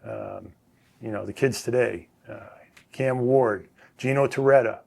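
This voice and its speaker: A man, a former quarterback, telling stories as an interview guest in a relaxed, rambling way with many fillers and restarts. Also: medium pitch, measured pace, gravelly. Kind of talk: casual storytelling.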